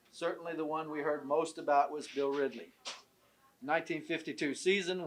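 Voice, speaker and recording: A man at a tribute event, reading a letter aloud in a measured, formal way. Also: a little high, rough recording.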